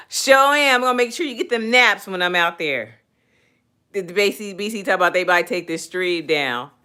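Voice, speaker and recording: A woman hosts a laid-back livestream, chatting with her viewers and breaking into loud, high laughter. Her voice is bright and ranges widely in pitch, and she speaks slowly, drawing out her words. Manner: loud laughing, playful, animated. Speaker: livestream host. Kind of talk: casual livestream chat reading comments.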